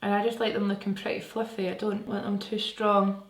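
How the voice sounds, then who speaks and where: A woman's voice: mid-range voice, level tone, a little fast. A woman chatting her way through a makeup tutorial, enthusiastic and casual as she works. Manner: chatty, enthusiastic, talks while working. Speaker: beauty vlogger. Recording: echoey room.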